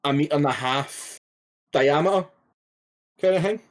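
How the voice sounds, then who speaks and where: A man's voice: a little high, normal speed. A man, co-hosting a podcast and telling rambling stories in casual chat. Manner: laid-back, rambling storytelling with swearing. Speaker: podcast co-host.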